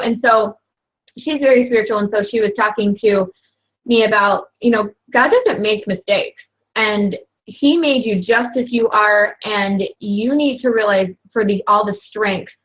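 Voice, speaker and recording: A young woman coach talking casually and earnestly to fellow coaches, rambling with lots of "you know" and "like". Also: medium pitch. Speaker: fitness coach. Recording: tinny phone-like audio.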